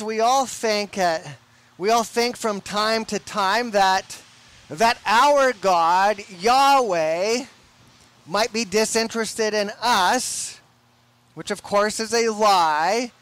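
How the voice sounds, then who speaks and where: A young man preaching a sermon in a deliberate, emphatic way, often repeating his words. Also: high voice, a bit bright, clear, resonant tone. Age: young adult.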